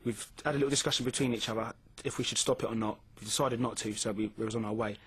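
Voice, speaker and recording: Fast-talking husky man. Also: mid-range voice, fairly even intonation, a bit bright. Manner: informal, frank, with many fillers. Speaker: interviewee. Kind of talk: testimony interview.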